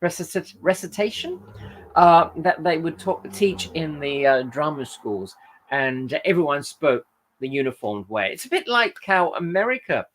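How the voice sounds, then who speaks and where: Slight background noise sits behind this host's fairly high, sing-song voice, which is unhurried and fairly bright. He rambles casually through a live stream, reading viewer comments aloud. He keeps correcting himself mid-sentence and leans on fillers.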